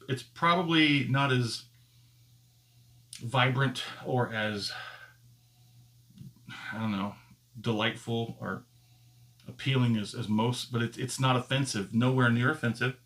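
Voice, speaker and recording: Speaking to camera on the whiskey review channel he runs, a man chats easily and without hurry, frequently stopping to search for words while thinking out loud. He has a medium pitch and a fairly bright tone.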